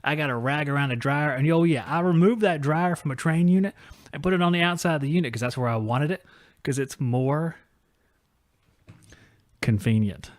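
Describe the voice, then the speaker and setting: A man's voice: on the high side, moderate pace, pauses often, dry recording, studio quality. A man hosting a live podcast, chatting casually in a rambling, joking, self-deprecating way. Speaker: podcast host. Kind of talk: casual livestream chat.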